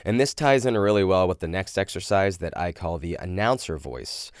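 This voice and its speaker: A man's voice: low voice, animated, moderate pace, no room sound, clean studio sound. A young man teaching vocal technique, explaining and demonstrating exercises in an instructional video. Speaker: vocal coach.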